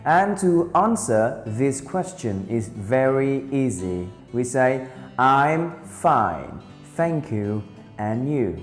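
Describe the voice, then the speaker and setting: A man teaching beginner English, speaking slowly and carefully and repeating each phrase for drilling. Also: medium pitch. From Vietnam. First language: Vietnamese. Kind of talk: beginner language lesson. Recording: roomy reverberant sound with soft guitar music.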